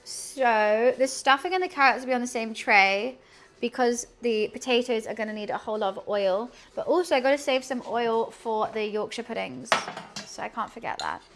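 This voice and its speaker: A young woman with a high voice chats away on a cooking stream from her kitchen. She is giggly and easily sidetracked, and soft music plays quietly behind her. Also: moderate pace. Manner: chatty, giggly, easily distracted. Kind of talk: casual live-stream cooking chat. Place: home kitchen.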